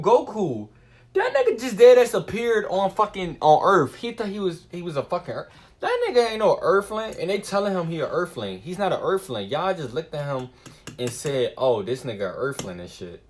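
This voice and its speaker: A man rambling through a casual streamer monologue, his pitch swinging up and down as he gets worked up. He swears constantly and muses aloud in an animated, wandering way. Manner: profane, animated and musing.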